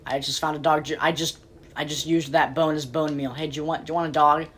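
A woman commentating casually on her game, rambling and playfully exasperated, breaking into quick pleading outbursts. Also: low-pitched, steady tone, slight background noise. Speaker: game player.

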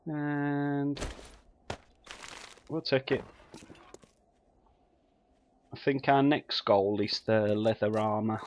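A man's voice: mid-range voice, completely flat delivery, takes it slowly, a little mellow, lo-fi sound, a little hiss or hum. A man giving casual, muttering commentary while he plays a survival game, swearing freely. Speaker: let's play gamer.

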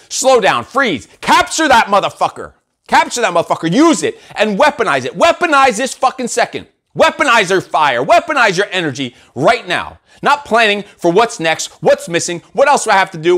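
A man's voice: fairly high pitch, a bit bright. A man hosting a motivational show, delivering a profane, intense monologue with many repeated exhortations. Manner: intense, swearing, repetitive exhortations. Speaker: host and coach.

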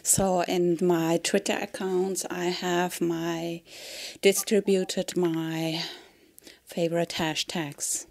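A woman vlogger talks slowly and unhurriedly, with a fairly low voice. She wanders from topic to topic in a comic monologue, dropping into whispered asides and chuckling. The sound is close and dry. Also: creaky, dry recording. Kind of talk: rambling comedic monologue.

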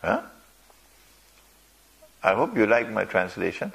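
A man delivers a sermon in a gravelly voice with some vocal fry. He speaks slowly and emphatically, pausing to ask rhetorical questions and slip in dry jokes. His pitch rises and falls widely. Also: huge pitch swings, fairly bright tone. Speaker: Islamic preacher. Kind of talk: sermon to a live audience.

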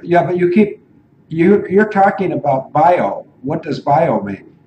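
A man's voice: on the high side, big pitch swings, a little slow, muffled recording, a little hiss or hum. A man hosting an online radio talk show, rambling and digressing as he thinks aloud. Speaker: show host.

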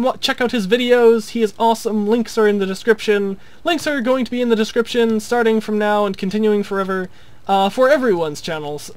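Young guy, kinda high voice, rambling thru his game build with lots of ums. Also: clean tone. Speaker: video host. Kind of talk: casual gameplay commentary.

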